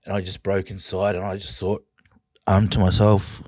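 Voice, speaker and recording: A man with an Australian accent and a very low voice speaks as a podcast guest. He tells his own story in an earnest, halting way, heavy with feeling, and the sound is close and dry with no room around it. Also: completely flat delivery, a little mellow, dry recording. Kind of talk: personal storytelling in conversation.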